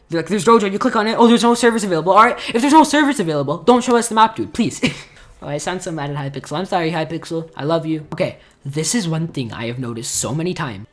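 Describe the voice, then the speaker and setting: A young man talking casually as a gaming YouTuber, rambling with lots of filler words and bursts of mock outrage. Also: on the high side. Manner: rambling, full of "like" and "dude", mock-outraged rants. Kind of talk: casual gaming commentary to camera.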